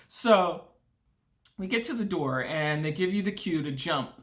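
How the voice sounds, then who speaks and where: A woman in her forties telling a personal story to camera in an expressive way, laughing often and scattering "like" through her sentences. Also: on the low side, normal speed. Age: 40s. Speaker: vlogger.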